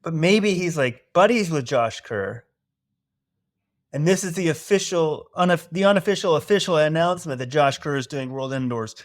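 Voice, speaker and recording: A man's voice: fairly high pitch, lively intonation, normal speed, no room sound, clean studio sound. A man from Dallas co-hosting a podcast, bantering playfully in casual chat. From Dallas, Texas. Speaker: podcast co-host.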